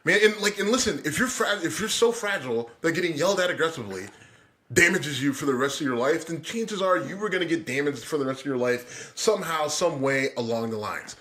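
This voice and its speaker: A middle-aged man co-hosting a podcast, telling stories loudly and with lots of profanity in casual chat. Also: fairly high pitch, lively intonation, fairly quick. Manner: loud, profane storytelling. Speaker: podcast co-host.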